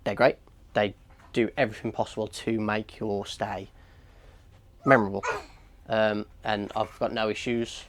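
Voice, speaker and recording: A man talking casually to camera for a family travel vlog, relaxed and chatty. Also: lowish voice, unhurried, long pauses, a little hiss or hum. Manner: relaxed, chatty with frequent ums. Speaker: vlogger. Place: cruise ship and restaurant.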